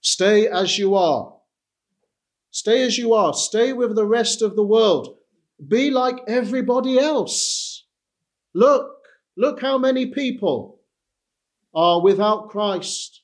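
A man in the pulpit doing a persuasive male devil who keeps urging, again and again, to stay with the crowd. The voice sits high and moves slowly, each coaxing phrase drawn out.

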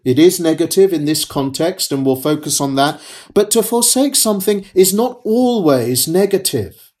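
A man preaching a sermon as pastor, in a measured, emphatic way that repeats key phrases and pauses between them. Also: fairly high pitch, expressive, a little mellow.

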